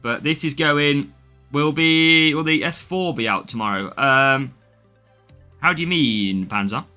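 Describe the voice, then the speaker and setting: Chatty English streamer, slightly higher voice, reads chat and greets viewers. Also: male voice, a little slow, pushed and bright, soft background music. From England. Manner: chatty, greets viewers by name, laughs often. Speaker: game streamer. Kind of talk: live gameplay stream, reading chat.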